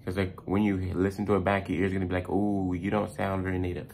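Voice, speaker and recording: Young man, American, very deep voice, casual rambling vlog, lots of fillers. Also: little pitch movement, quick pace, darkish tone, slight background noise. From United States. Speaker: language-learning YouTuber.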